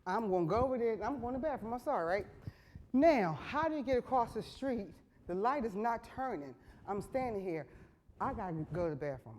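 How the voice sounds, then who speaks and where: A woman's voice: medium pitch, slight background noise. Frank, earthy woman host telling a story. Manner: frank, earthy, builds to loud excited bursts. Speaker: talk show host. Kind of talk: comic storytelling monologue.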